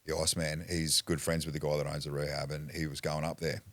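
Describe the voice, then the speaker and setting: A man with an Australian accent and an extremely deep voice recounts his past in a blunt, rambling way, swearing freely. The sound is close and dry, with no room echo. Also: little pitch movement, fast talker, fairly bright tone. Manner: rambling, restarts sentences. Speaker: podcast guest. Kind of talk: candid personal storytelling.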